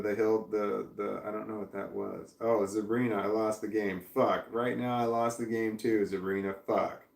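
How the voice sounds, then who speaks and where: A man's voice: mid-range voice, vocal fry, darkish tone, reverberant, recorded from a distance. A man chatting casually on a livestream, reading viewer comments aloud, rambling and swearing freely with frequent laughs. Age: adult parent.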